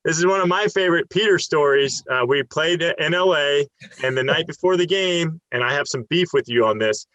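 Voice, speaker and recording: A man in his thirties hosts a relaxed podcast conversation. His voice is bright and forward, recorded dry and close with no room sound, and he spins a long anecdote full of fillers and quoted dialogue. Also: on the high side, a little fast, no echo, low-quality recording. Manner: storytelling, animated, many fillers. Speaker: podcast host. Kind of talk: casual chat.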